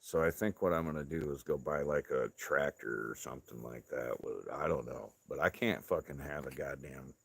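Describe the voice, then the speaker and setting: A man's voice: very deep voice, normal speed, creaky, hardly any pauses, slightly rough, no room sound. A man, likely in his thirties, chatting casually on his own show, swearing a lot, laughing often and keeping a laid-back manner. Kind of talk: casual profane chat.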